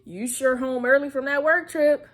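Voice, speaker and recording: A woman's voice: high voice, steady tone, normal speed, voice pushed up, natural voice. A woman voicing a cocky man who taunts in casual slang, close to her own voice. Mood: taunting.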